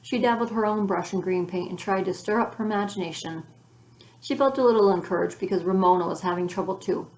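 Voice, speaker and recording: A woman calmly narrating a children's storybook, recorded with a roomy echo. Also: medium pitch, fast. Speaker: audiobook reader.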